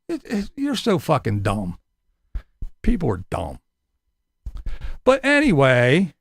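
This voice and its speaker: Gravelly, sarcastic ranting man. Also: high voice, huge pitch swings, a little slow, pauses often, dry recording, studio quality. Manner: profane, sarcastic, combative. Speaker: vlogger. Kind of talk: ranting monologue to camera.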